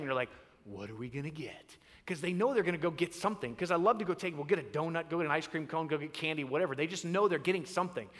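A man's voice: fairly high pitch, long reverb tail. A man preaching a sermon and telling a comic family story, acting out the voices as he goes. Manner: animated, acts out voices. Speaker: pastor.

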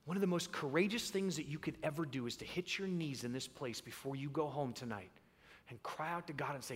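A man preaching a sermon in a church, an animated storyteller who acts out the voices in his stories. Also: a little high, a little fast, breathy edge. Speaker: pastor. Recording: long reverb in a large hall.

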